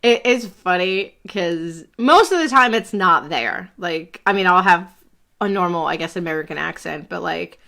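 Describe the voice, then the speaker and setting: A woman's voice: fairly low pitch, expressive, moderate pace, gravelly, sharp tone. A woman in her thirties with a Brooklyn accent, chatting on a live stream at home, rambling, laughing often and swearing casually. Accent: Brooklyn New York. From Brooklyn, New York.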